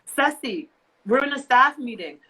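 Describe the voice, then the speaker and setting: On a rough recording, a podcast co-host vents emotionally in casual chat, repeating phrases with passionate emphasis. She has a high, husky voice that is bright and forceful, with lively intonation at normal speed.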